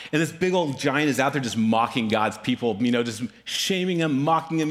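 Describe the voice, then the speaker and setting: A middle-aged man, a pastor, telling a story in a casual, animated sermon, keeps asking "right?" and acting out voices. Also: quick pace. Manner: animated, acts out voices with big pitch swings.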